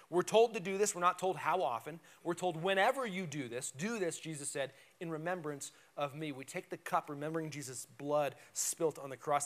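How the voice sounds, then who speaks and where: A man's voice: fairly high pitch, a bit bright. A man preaching a conversational, emphatic sermon in a church, often checking in with "right?". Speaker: pastor. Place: church sanctuary.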